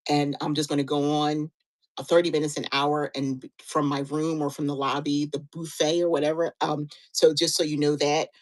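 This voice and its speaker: A woman's voice: low voice, flat delivery, normal speed, rough recording. A woman in her fifties co-hosting a live-stream sale, chatting in an encouraging, motivational way and often restarting her sentences. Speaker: live-stream seller and co-host.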